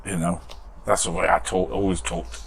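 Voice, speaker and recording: A man's voice: low-pitched, flat delivery, moderate pace, gravelly, a little hiss or hum. A British man hosting a model restoration channel, chatting casually in his shed workshop and reading out viewer comments with self-deprecating humour.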